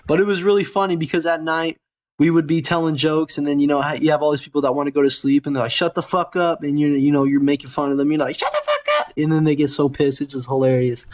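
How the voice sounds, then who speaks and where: Young American male host, casual profane storyteller, slightly higher voice. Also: flat delivery, fast, a little mellow. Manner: rambling, profane, self-correcting. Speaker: gaming channel host and soldier.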